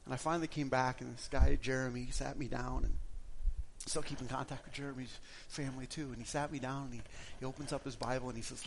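A man from Wisconsin preaching a sermon, telling his own testimony with feeling, swinging between loud passages and hushed ones. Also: medium pitch, brisk, a little hiss or hum. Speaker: pastor giving his testimony.

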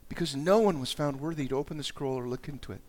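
Conversational male preacher, slightly high voice. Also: fast. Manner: conversational, dramatic rises in voice while reading scripture; frequent restarts and repeated words. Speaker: pastor. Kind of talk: sermon.

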